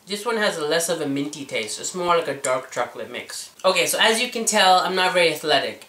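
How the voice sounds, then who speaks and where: A man's voice: a little high, sharp tone, recorded from a distance. A man in his forties with a girly, whiny voice, vlogging a self-deprecating, chatty story. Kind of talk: storytelling vlog. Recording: echoey room, away from the mic.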